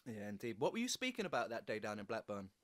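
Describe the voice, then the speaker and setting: A man hosting a podcast, asking questions and retelling anecdotes in a relaxed, conversational way. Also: lowish voice, quick pace. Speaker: podcast host. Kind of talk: casual interview chat.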